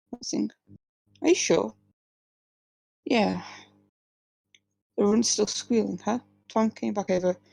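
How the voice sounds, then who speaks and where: Woman reading her story aloud, gravelly. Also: mid-range voice, mellow, dry recording, low-quality recording. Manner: plain reading with slips and restarts, few distinct character voices. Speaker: author reading her own work. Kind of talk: live reading of first-person fiction.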